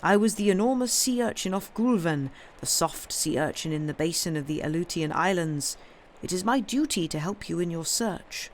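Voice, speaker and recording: A woman voicing an old, wise male sea urchin who gives calm advice. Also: on the low side, normal speed, a little hiss or hum, natural voice. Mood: sage. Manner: calm, knowing, sagely.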